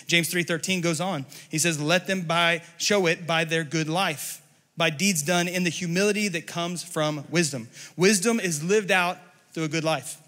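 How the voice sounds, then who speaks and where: A male pastor with a high, lively-pitched voice and a bright, forceful edge preaches in a church service. He is passionate and regularly works himself up to shouting. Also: normal speed, long reverb tail. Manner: passionate, often rising to shouting. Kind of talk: sermon.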